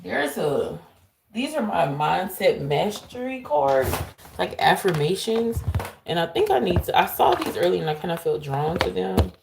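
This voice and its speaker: A woman with a low, gravelly voice hosts a live tarot reading for her viewers. She talks in an excitable, animated way, often bursting into loud laughter. A faint hiss sits under the recording. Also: measured pace. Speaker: tarot reader.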